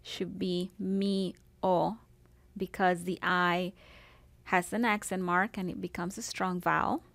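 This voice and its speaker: Slow, patient woman teaching Spanish. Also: on the low side, flat delivery, creaky, fairly bright tone, no room sound. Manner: slow, patient, spells out words syllable by syllable. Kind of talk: recorded classroom video lesson.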